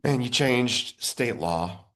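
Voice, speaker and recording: A man's voice: medium pitch, animated, takes it slowly, fairly bright tone. A man hosting an interview, adding short affirming remarks. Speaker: podcast host.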